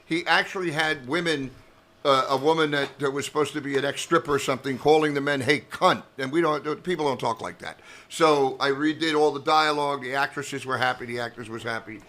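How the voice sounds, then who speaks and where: A man's voice: mid-range voice, brisk. A man, an actor and comedian, telling rambling, profane stories in a casual podcast chat. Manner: profane, rambling, animated storyteller.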